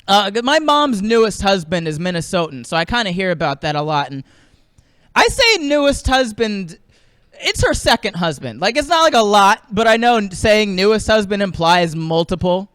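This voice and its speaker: A man's voice: high-pitched, big pitch swings, moderate pace, a bit bright, clear, resonant tone, dry recording. A stand-up comedian from the American South, rambling through a set and laughing at his own jokes in a small streaming studio.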